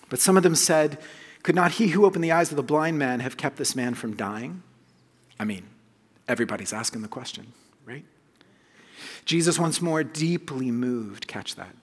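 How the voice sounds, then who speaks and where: Husky guy preaching, earnest, big echoey church hall. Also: fairly high pitch. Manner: earnest, emphatic preaching, dropping soft on key phrases. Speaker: pastor. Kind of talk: sermon.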